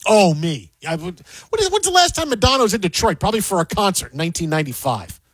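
A man hosting a sports talk show, rambling and animated, often repeating himself as he riffs. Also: sits high, rapid-fire, husky, no room sound. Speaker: sports radio host. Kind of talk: casual sports banter.

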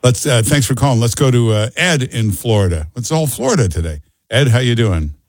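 A man's voice: mid-range voice, animated, fairly quick, a little hiss or hum. A man hosting a talk radio show, brash and teasing with callers and co-host. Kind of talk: casual talk radio banter. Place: radio studio. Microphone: studio microphone.

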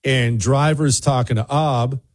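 A man hosting a show, telling a lively anecdote in casual chat and acting out the people in it. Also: mid-range voice, unhurried. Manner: animated anecdote telling, voices other people in quotes. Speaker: radio show host.

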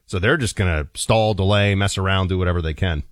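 A man's voice: low voice, a little fast, no room sound, clean studio sound. A man co-hosting a talk radio show, talking in a casual, emphatic and playful way, and also reading an ad live. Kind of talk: casual political radio chat and live-read ad.

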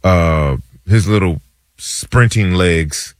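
A man talks football as a radio co-host, unhurried and halting, using casual slang. His voice sits low and moves slowly. The studio sound is dry and close. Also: no room sound. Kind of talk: sports talk radio chat.

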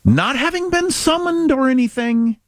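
A middle-aged man from Kansas, an animated storyteller chatting casually as a podcast host. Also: very high voice, normal speed, dry recording. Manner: animated storyteller, quoting others in his own voice. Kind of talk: casual chat.

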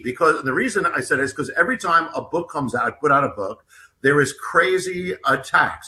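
A man's voice: a little high, sharp tone. A man guesting as an author on an interview show, telling a personal story in a rambling way with many restarts and repeated words.

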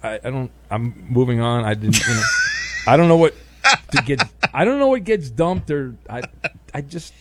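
A man's voice: mid-range voice, sing-song, moderate pace, no echo. A man hosting a sports talk radio show, chatty and wry, reading listener messages and taking calls. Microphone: studio microphone.

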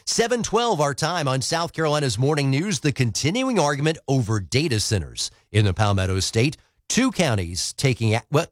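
A man's voice: mid-range voice, no room sound, studio quality. A man hosting morning news radio, talking conversationally with small fillers.

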